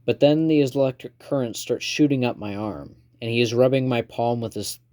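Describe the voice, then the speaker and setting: A man reading a first-person novel aloud in a calm, measured storytelling manner. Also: medium pitch. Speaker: reader.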